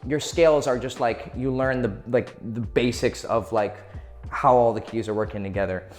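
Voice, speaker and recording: A man's voice: medium pitch, fairly even intonation, normal speed, faint music behind. Profane man coaching on voice. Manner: profane, playful, swings his voice up and down to demonstrate. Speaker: dating advice coach. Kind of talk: casual advice monologue for video.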